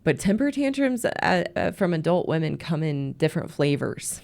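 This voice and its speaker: A woman's voice: deep voice, sing-song, normal speed, vocal fry, darkish tone. A woman host and marriage coach giving earnest advice, often repeating words as she restarts. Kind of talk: advice talk to camera.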